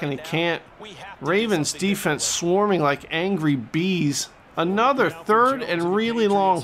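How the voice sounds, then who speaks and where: A man doing excitable mock play-by-play commentary over a football video game, bursting into loud exclamations on big plays and tossing in cheeky asides. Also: sits high. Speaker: gaming channel host. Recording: game music playing behind the voice.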